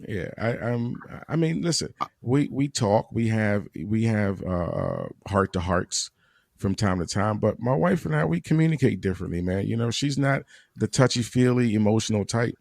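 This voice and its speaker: A man talking casually as a guest on a panel discussion, halting often and repeating words as he looks for them. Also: lowish voice, sing-song, gravelly, darkish tone, no room sound.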